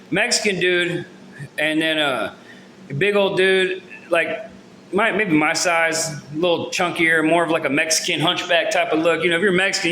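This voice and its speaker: A man's voice: high voice, bright, forceful tone, slight background noise. A man telling a long story from his own life to his viewers in loose slang, rambling and restarting his sentences with lots of fillers. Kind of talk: casual storytelling to camera. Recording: roomy echo.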